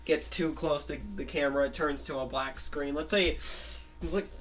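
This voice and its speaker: Brief: man with a raised, bright voice, improvising a story in a halting, filler-heavy ramble, set back from the mic. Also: on the high side, steady tone. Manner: halting, full of fillers and restarts; keeps revising with "let's say". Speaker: storyteller making up a show plot. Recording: voice a bit far from the mic.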